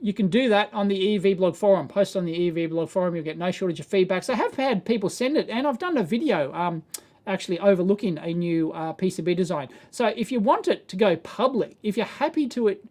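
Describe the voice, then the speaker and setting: Australian male host, relaxed live Q&A, chuckly, rambling, unpolished. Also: sits high, fairly quick. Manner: rambling, chuckling, self-correcting. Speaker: live stream host answering viewer questions. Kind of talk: casual live Q&A chat.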